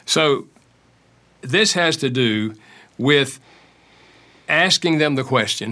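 A man's voice: mid-range voice, animated, slow, pauses often, pushed and bright. An older man, an author and counselor, answering interview questions with anecdotes and acted-out quotes. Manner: acts out quoted dialogue in stories.

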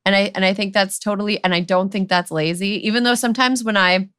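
A woman's voice: medium pitch, fairly even intonation, fast, fairly bright tone, clean tone, dry recording. A woman co-hosting a podcast, talking in a loose, rambling way with lots of "like" and "you know". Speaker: podcast co-host. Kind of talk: casual conversational chat.

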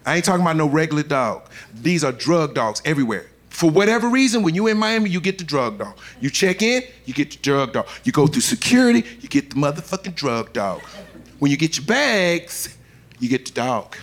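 A man doing a profane, animated stand-up comedy set in front of a live audience, acting out the people in his stories. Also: fairly high pitch, fairly quick. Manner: animated storytelling, profane, acts out characters. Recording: live club set with loud crowd laughter.

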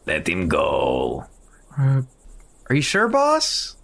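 A man's voice: sits low, huge pitch swings, slow pace, gravelly, fairly bright tone, voice pushed down, heavily acted. A man voicing a defensive, insistent human inventor during a tabletop game.

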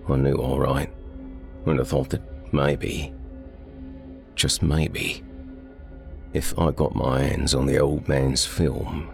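A man's voice: rumbling low, flat delivery, takes it slowly, creaky, long pauses, darkish tone, soft background music. A man narrating first-person noir fiction in a wry, world-weary tone. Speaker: audiobook narrator.

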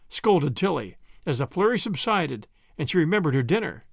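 A man reading a story aloud as narrator, with lively storytelling. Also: on the high side, normal speed, gravelly, hardly any pauses, no echo, studio quality. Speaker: audiobook reader. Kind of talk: scripted narration.

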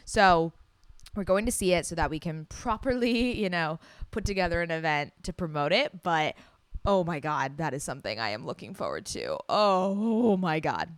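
A young woman hosting a solo podcast, chatting excitedly and gushing, with casual swearing. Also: deep voice, moderate pace, clean tone, no room sound. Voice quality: loud. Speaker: podcast host.

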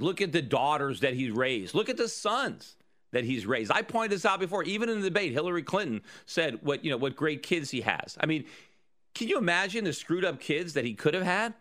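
A man's voice: mid-range voice, expressive, normal speed, a bit bright. A man hosting his own podcast, delivering an argumentative opinion monologue full of rhetorical questions. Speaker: podcast host.

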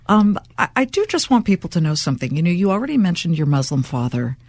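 A woman hosting a podcast interview, asking questions with quick, enthusiastic reactions. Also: on the low side, big pitch swings, a little mellow, dry recording. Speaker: podcast host.

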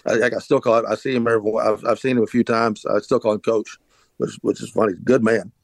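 In a lowish, gravelly voice with little pitch movement and a quick pace, a middle-aged podcast host tells a long story. The former pitcher is casual and rambling, often restarting and peppering his speech with "uh"s and fillers, with no echo.

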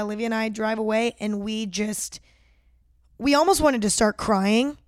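Chatty young woman, bright voice. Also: a little high, smooth, dry recording, clean studio sound. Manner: chatty, lots of "like", swears freely. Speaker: vlogger. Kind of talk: casual storytelling vlog. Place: Los Angeles.

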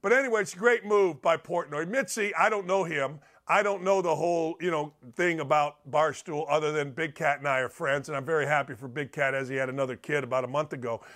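High-pitched rowdy sports-talk man. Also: brisk, hardly any pauses. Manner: loud, rambling and jokey, swinging between shouts and low mutters. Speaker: sports radio host. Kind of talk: energetic sports talk monologue.

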